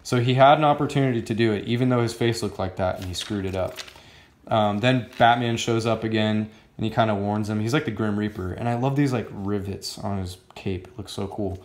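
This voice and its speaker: Low-voiced man, casual comic reviewer, rambling with lots of fillers. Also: a little fast, echoey room.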